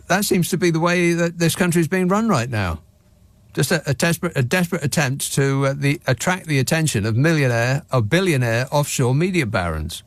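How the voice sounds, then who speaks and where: A man's voice: fairly high pitch, animated, normal speed, no echo. A man hosting a late-night radio phone-in, chatting in a dry, sardonic way with mocking asides. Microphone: studio microphone.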